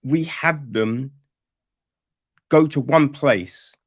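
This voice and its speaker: A man's voice: mid-range voice, drawn-out words, dry recording, clean studio sound. A man reviewing a film on a podcast in a casual, sarcastic rant, swearing freely and rambling with restarts. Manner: rambling with restarts and "you know what I mean".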